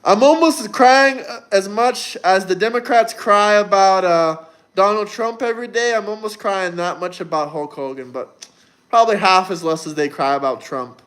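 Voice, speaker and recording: A man in his twenties hosts a livestream, talking to chat in a brash, mocking, provocative way. His voice is high-pitched and a bit bright, at a moderate pace.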